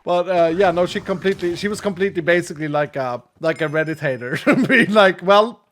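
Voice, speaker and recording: A man's voice: sits high, brisk, a bit bright. A man streaming a game, chatting casually and rambling, often laughing. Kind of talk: casual gaming commentary.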